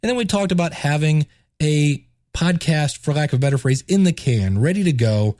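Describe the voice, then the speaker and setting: Enthusiastic male podcast host and teacher, congested, higher register, dry sound. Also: normal speed, no echo. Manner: enthusiastic, repeats words when excited. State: stuffed up, congested. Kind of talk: casual solo podcast talk.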